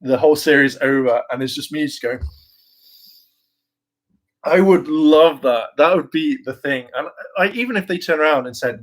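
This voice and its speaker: A man's voice: on the high side, normal speed. A man chatting casually in a fan vlog, rambling and hesitant with many fillers and restarts, and eagerly enthusiastic. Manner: enthusiastic, often laughing. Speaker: YouTuber discussing a TV franchise.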